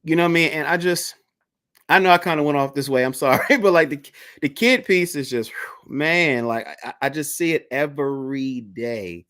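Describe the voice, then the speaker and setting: A man hosting a video-call interview, telling a story in a casual, animated way and acting out the people in it. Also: on the high side, moderate pace. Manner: animated, acts out the voices in his stories.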